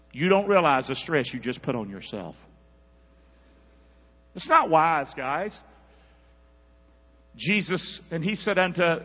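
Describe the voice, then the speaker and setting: A man preaching a sermon, calling on the congregation to answer back and swinging between loud and hushed. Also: sits high, husky. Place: church. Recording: dull sound with long church reverb.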